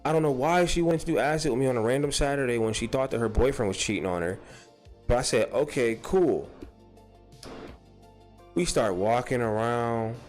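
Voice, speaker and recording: A man's voice: medium pitch, a little mellow. A young man telling a rambling, profane story on a live stream, repeating himself as he goes. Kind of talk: casual storytelling.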